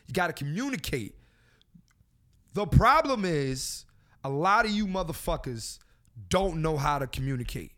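High-voiced, profane male podcast host. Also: lively intonation, normal speed, a bit bright. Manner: profane, preachy and joking. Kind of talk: casual podcast chat.

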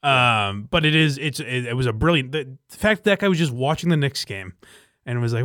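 A man's voice: medium pitch, expressive, a little fast, fairly bright tone, dry recording, clean studio sound. A man hosting a casual podcast chat, laughing often and swearing freely as he reacts to a clip. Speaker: podcast host.

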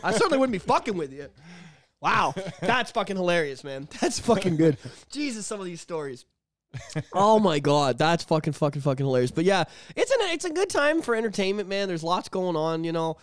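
A man's voice: high voice, a little fast, dry recording, studio quality. A man co-hosting a podcast in casual, profane chat, laughing often. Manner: profane, animated, laughing a lot. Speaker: podcast co-host.

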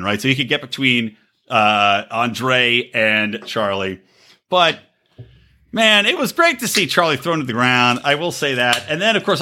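Man, podcast host, casual profane chat, lively pitch, bright tone. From Los Angeles area. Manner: animated, swearing, acts out quotes in high voices.

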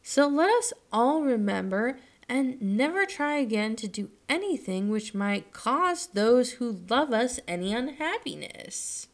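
A woman voicing a gentle, thoughtful rag doll girl, speaking earnestly with a slightly raised voice. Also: a little high, very animated, unhurried, hardly any pauses, voice pushed up.

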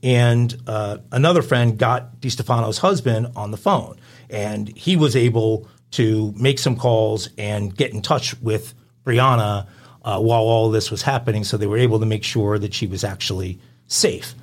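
A man's voice: on the low side, normal speed. A man co-hosting a crime podcast, reading out news stories in a conversational way with frequent ums and uhs. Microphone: podcast studio mic.

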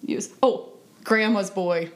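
A woman's voice: medium pitch, takes it slowly. A woman co-hosting a podcast in casual chat, talking loosely with lots of "like" fillers and laughing through her stories. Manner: chatty, many "like" fillers, laughs while telling stories. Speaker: podcast co-host.

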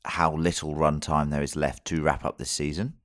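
A man's voice: extremely low pitch, fairly even intonation, normal speed, a bit bright, no room sound, clean studio sound. A man co-hosting a podcast, reviewing a TV episode in casual chat and rambling with many restarts and fillers.

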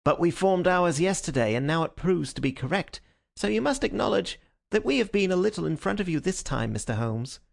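A man's voice: high-pitched, lively intonation, brisk, creaky, pitched above the performer's own voice. A man voicing a smug, triumphant male police inspector in a crowing, boastful way. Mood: gloating.

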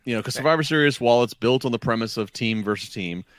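A man's voice: medium pitch, fast talker, no room sound. Man in dry close-mic wrestling chat. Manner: rambling, restarts sentences. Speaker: podcast co-host.

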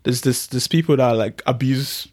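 A man's voice: medium pitch, moderate pace, a little mellow, husky. Laid-back young man laughing. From Nigeria. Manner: laid-back, laughs often, peppers speech with "you know". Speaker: podcast guest. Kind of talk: casual chat.

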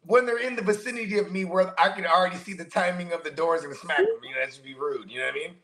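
A man's voice: high voice, fast, pushed and bright. Profane slangy man telling stories. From San Francisco Bay Area. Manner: loose, profane, slangy storytelling. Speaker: podcast co-host. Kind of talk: casual chat.

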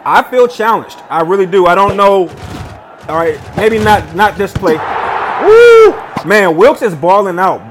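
Young male gaming host, slightly high voice, casual play-by-play, swings between shouted hype and low, calm commentary. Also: moderate pace, noisy background. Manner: excitable, shouts and laughs at big plays, then settles into quiet reflective talk. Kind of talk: gameplay commentary.

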